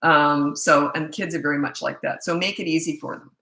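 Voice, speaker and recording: Middle-aged woman from Canada, parenting coach on a live stream, bright, firm, no-nonsense delivery in a roomy space. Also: deep voice, steady tone. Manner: brisk, direct, reads viewer questions aloud. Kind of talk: live Q&A, casual advice. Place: room at her computer. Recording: echoey room.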